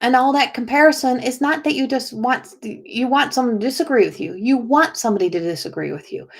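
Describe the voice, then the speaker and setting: A woman with a fairly quick, higher-pitched voice does a spontaneous oracle card reading as a psychic medium. She rambles, restarts often and says "like" a lot while passing on a spirit's messages.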